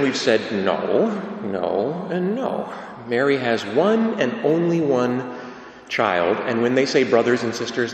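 A man preaching a Catholic sermon, emphatic and conversational, often asking the listeners rhetorical questions. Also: medium pitch. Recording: echoey hall with long reverb.

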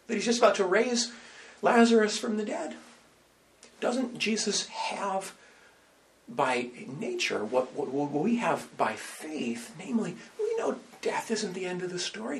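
A man, a priest, preaching a conversational sermon full of rhetorical questions, swinging between loud and soft. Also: high-pitched, very animated, a little slow, creaky, slight background noise.

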